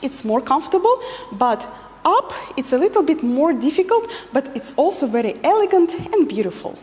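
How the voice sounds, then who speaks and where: High, lively woman teaching dance. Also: normal speed, big-room sound. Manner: counts beats and repeats cues rhythmically. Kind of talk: dance lesson instruction with counting.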